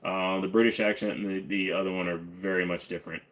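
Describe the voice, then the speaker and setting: A man's voice: sits low, flat delivery, fast, fairly bright tone. A man hosting a casual livestream, reading chat questions aloud and answering with offhand jokes, humming and scatting to himself between answers. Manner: joking, offhand, hums and scats to himself. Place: home room with guns on the wall behind him.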